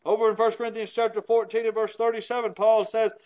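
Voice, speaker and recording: A man's voice: high-pitched, little pitch movement, fast talker, darkish tone, poor audio. A man preaching a sermon in an earnest, emphatic way, often asking rhetorical questions.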